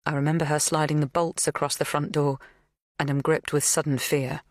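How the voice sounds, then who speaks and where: A woman narrating an audiobook thriller in a measured, even scripted delivery. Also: deep voice, no echo, studio quality.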